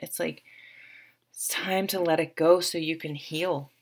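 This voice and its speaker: With a deep voice, fairly even intonation and no rush, a woman talks her viewers through a tarot reading to camera. She is chatty and encouraging and uses many fillers.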